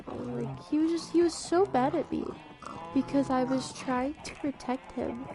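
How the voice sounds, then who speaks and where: A woman's voice: on the high side, fairly even intonation, brisk, vocal fry. A woman streamer chatting casually while gaming, telling a rambling story and losing her train of thought. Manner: rambling, easily distracted storytelling.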